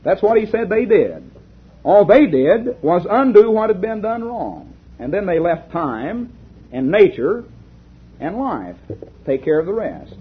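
Husky high-voiced preacher. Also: male voice, sing-song. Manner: slow, rhetorical questions. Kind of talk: sermon with read-aloud story. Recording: lo-fi tinny recording.

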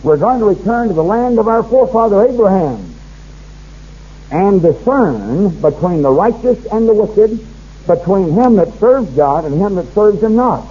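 Man, preacher, high husky voice, fervent sermon, muffled lo-fi radio sound. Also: sing-song, normal speed. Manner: fervent, preacherly, rising on scripture readings.

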